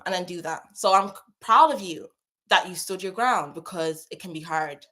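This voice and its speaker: Hosting a casual advice chat, a young woman reads viewer messages at normal speed in a fairly low, animated voice that's a bit bright. Her talk is chatty and emphatic, with phrases repeated for stress.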